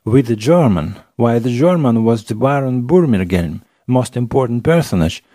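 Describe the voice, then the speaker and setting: A man's voice: medium pitch, lively intonation, moderate pace, warm tone, no echo, clean studio sound, close to an everyday voice. A man doing a blustering old general. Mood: indignant. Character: pompous indignant older general.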